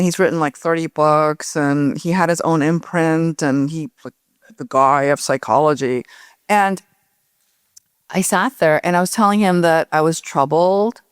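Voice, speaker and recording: A woman author in a public onstage conversation, talking in an animated, personal storytelling way. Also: deep voice, smooth, dry recording, studio quality. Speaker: author, guest. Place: indoor event stage.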